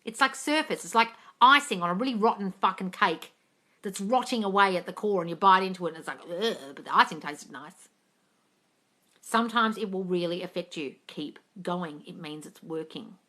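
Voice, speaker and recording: A woman's voice: on the low side, moderate pace, pushed and bright. A woman coach answering viewer questions on a live stream, blunt and sweary, calling people darling.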